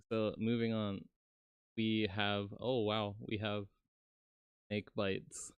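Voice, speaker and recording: A man with a lowish, smooth voice talks at an unhurried pace on a casual live stream. He rambles and pokes fun at himself, filling gaps with ums and asides, heard close on a dry microphone. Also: dry recording. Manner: rambling and self-deprecating, with many fillers. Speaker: VTuber streamer. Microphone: close desk microphone.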